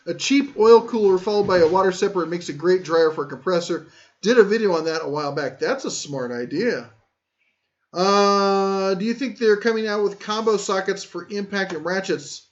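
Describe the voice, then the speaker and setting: Guy with a pretty high voice hosting a tool live stream, rambly and jokey, kinda muffled lo-fi sound. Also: moderate pace. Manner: rambling, joking, self-deprecating. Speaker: tool channel host. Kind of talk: casual live-stream chat.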